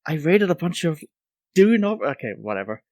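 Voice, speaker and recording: A man's voice: a little high, very animated, a little fast, a little mellow, no room sound, studio quality. A man playing a tabletop game in a casual, easygoing way, trailing off and restarting. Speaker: player.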